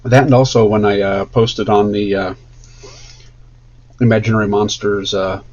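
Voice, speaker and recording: A man's voice: on the low side, level tone, moderate pace, a little mellow, highs cut off. A man streaming casually while he draws, chatting in an enthusiastic, rambling way. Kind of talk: casual chat while drawing.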